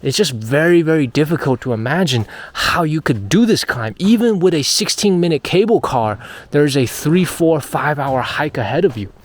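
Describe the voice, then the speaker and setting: Outdoors on a mountain trail, a man with a high-leaning, animated voice narrates his own travel vlog at a moderate pace. Getting winded as he hikes, he chats, thinks aloud and repeats phrases.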